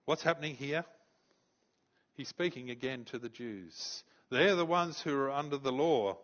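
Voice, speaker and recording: An Australian man, a pastor, preaching a sermon and telling a story, animated and stumbling over repeated words. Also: mid-range voice, moderate pace, highs cut off. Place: church.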